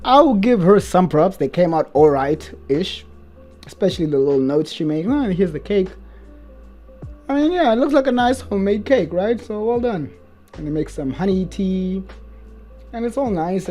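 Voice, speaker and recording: A man giving casual, mocking reaction commentary as he recaps a show, chatty and quick to laugh. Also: sits high, big pitch swings, dark tone, faint music behind.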